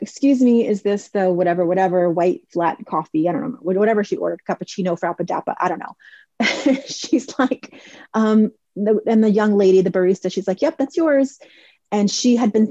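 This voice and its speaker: In a relaxed advice podcast, a host in her forties chats and tells stories, performing what others said. She has a warm, medium-pitched voice, captured without echo but with dull audio.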